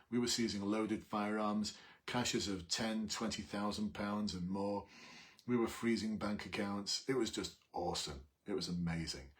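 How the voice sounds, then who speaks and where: A middle-aged man, telling a police story in an animated, emphatic way on a live video. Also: lowish voice. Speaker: police recruitment coach, former officer.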